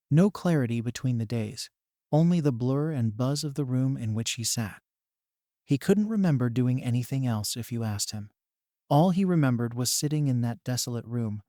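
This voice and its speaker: A man narrating a fan-written story in a steady, even reading. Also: medium pitch, no room sound, studio quality.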